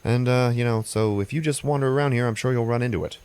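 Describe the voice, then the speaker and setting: A man's voice: medium pitch, fast, a little mellow, clear, resonant tone, voice pushed up, close to an everyday voice. A man voicing a hoity-toity little male venue manager, talking in a casual, offhand way while retelling a movie scene.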